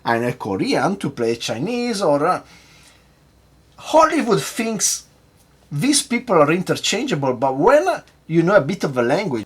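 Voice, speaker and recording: Husky, animated cocktail-show host man. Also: fairly high pitch. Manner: rambling, asks the viewer questions. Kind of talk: casual rant to camera.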